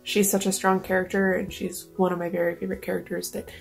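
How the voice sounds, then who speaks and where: A woman's voice: lowish voice, little pitch movement, fast, gravelly, soft background music. A woman vlogger talking casually and emotionally, close to tears, with many fillers. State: near tears. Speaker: book vlogger. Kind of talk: casual vlog talk.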